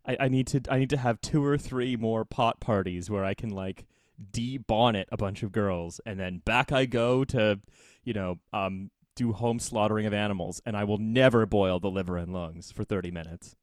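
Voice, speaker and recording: A man's voice: fairly low pitch, normal speed, dry recording, clean studio sound. A man co-hosting a comedy podcast, riffing sardonically with hesitant restarts. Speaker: podcast co-host. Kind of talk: casual comedic chat.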